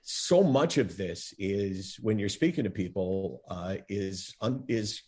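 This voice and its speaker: A man's voice: lowish voice, lively intonation, slow, darkish tone. A man with a Canadian accent, a guest in a podcast interview, speaking emphatically and repeating himself to build his points. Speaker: mental health advocate guest.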